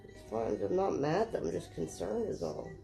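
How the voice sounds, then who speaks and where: Congested woman, low gravelly voice. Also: lively intonation, moderate pace, faint music behind. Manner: quiet, defensive, subdued. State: sick and congested. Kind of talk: defensive argument on a livestream.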